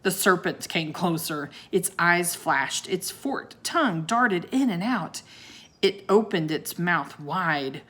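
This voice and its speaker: Woman reading a kids' chapter book aloud, slow, lots of up and down. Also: lowish voice. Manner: expressive and unhurried, with asides to young listeners. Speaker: teacher reading aloud to children. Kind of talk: children's storybook read-aloud.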